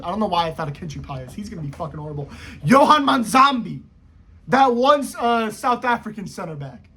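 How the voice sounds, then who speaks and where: Husky, high-voiced guy ranting. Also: pushed and bright. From United States. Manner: rambling, slangy, profane, jumpy pitch swings. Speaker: football vlogger. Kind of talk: casual rant to camera.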